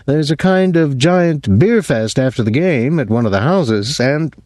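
A man's voice: a little high, lively intonation, a little slow, a little mellow, dry recording, studio quality, voice pushed up. A man reading an audiobook, voicing a polite young man who talks in an apologetic way.

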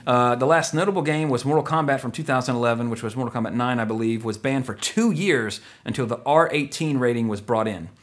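A man's voice: mid-range voice, fast, few pauses. A man hosting a podcast in casual chat, rambling and joking, often correcting himself mid-sentence. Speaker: podcast host.

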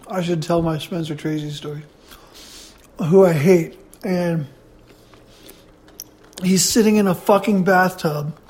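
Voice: mid-range voice, a little mellow. A podcast host rambling through a blunt, profane solo movie review while eating.

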